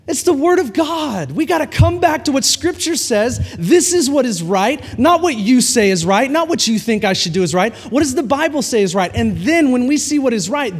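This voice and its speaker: A male pastor preaching a sermon to a congregation, telling a story with lively acted-out dialogue. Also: extremely high pitch. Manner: animated storytelling preacher, acts out quoted dialogue. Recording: long hall reverb.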